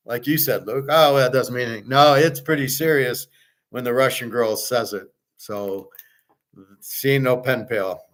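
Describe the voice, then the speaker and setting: A man's voice: mid-range voice, fairly bright tone. Rambling blunt middle-aged man talking casually. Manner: rambling, blunt, repeats himself, swears. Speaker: host. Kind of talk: casual chat to viewers.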